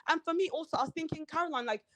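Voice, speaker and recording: A woman, a reality show cast member telling her story in an animated way and acting out the quoted lines of the people in it. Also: sits high, racing, dry recording. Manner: animated, acts out quoted dialogue. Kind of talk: candid podcast interview storytelling.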